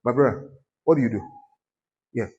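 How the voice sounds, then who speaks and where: A Nigerian pastor preaches in a conversational, exhorting style, prodding and teasing his congregation. His mid-range voice comes at a normal speed through narrow, tinny audio.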